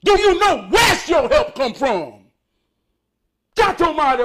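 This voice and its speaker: A man giving an emotional motivational monologue, fervent and preachy, cursing and laughing, swinging between loud outbursts and hushed talk. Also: extremely high pitch, sing-song, takes it slowly, long pauses. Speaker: motivational speaker.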